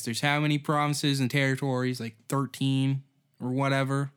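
A man's voice: mid-range voice, flat delivery, moderate pace, fairly bright tone, smooth. A man with a mid-range voice talks his way through a solo comedy podcast. He rambles loosely, cursing as he goes and sinking into mumbled asides before picking the thread back up. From Canada. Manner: rambling, profane, offhand, trailing off into mumbles. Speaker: podcast host.

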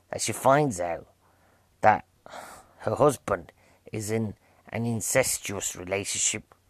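A man's voice: fairly low pitch, dry recording. A man with a British accent chatting cheekily to the viewer as he reviews a film. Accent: British English. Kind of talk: casual film review monologue.

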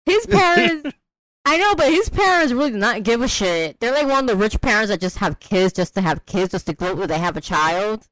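Animated, profane young woman, dry sound. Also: a little high, a little fast, hardly any pauses, dry recording. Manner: animated, profane, acts out characters in quotes. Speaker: podcast co-host. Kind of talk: casual movie chat.

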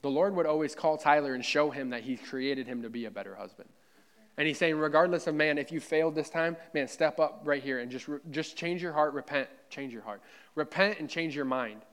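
A man's voice: a little high, brisk, a bit bright. A man preaching a sermon in a church, fervent and conversational, repeating himself and talking straight to his listeners. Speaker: pastor.

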